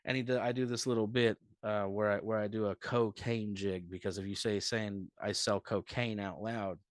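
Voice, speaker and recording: Male comedian guest, low register, loose and foul-mouthed storyteller, dry close sound. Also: fairly even intonation, normal speed, no echo. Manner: profane, rambling storyteller. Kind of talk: casual podcast chat.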